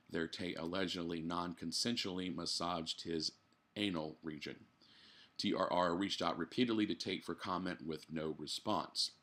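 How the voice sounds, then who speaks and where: A man's voice: deep voice, a bit bright. A man hosting a podcast from his living room, reading a news article aloud and breaking off for blunt, profane asides while he drinks. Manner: blunt, swears freely, drinks while talking. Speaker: podcast host.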